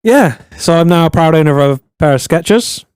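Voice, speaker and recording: A man co-hosting a podcast in blunt, sweary, deadpan banter. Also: on the high side, a little fast, clean tone, dry recording, studio quality. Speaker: podcast co-host. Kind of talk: casual banter.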